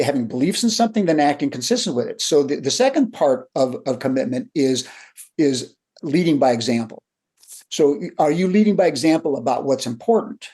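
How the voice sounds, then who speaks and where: An older man, a leadership coach, talking through lessons in a relaxed interview and acting out the people in his stories. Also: fairly high pitch, slightly rough. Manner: animated storyteller who acts out quotes. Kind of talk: conversational storytelling.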